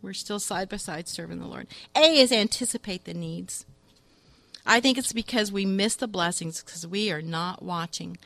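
A grandmother in her fifties giving a lively, chatty sermon with humorous stories, often breaking into laughter. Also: medium pitch, moderate pace, gravelly, no echo. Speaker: church speaker.

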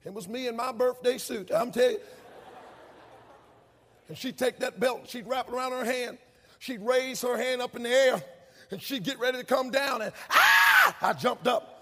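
A man in his thirties preaching a sermon, telling stories animatedly and shouting out his mother's lines. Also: very high-pitched, normal speed, long pauses. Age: 30s. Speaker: pastor. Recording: long hall reverb.

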